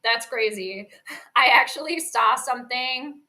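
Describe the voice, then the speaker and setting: A woman's voice: on the high side, unhurried, bright, forceful tone. A woman giving casual live play-by-play commentary on a stream, chatty and reacting to each play while talking with her chat.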